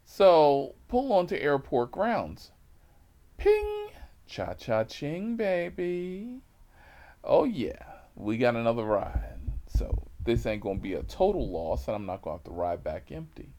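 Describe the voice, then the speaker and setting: A man working as a rideshare driver, telling a story in an animated, slangy, casual way. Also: mid-range voice, moderate pace, few pauses.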